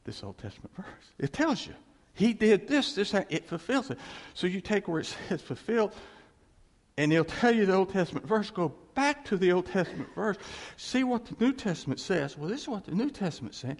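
A man's voice: high-pitched, big pitch swings, moderate pace. A man preaching an informal sermon in a folksy way, repeating his points and chuckling between phrases.

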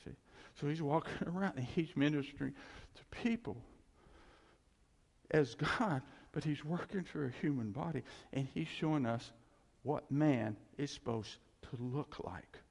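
A man's voice: a little high, unhurried, vocal fry, in a large hall. A man preaching a conversational sermon in a church. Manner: animated and conversational, laughs between points.

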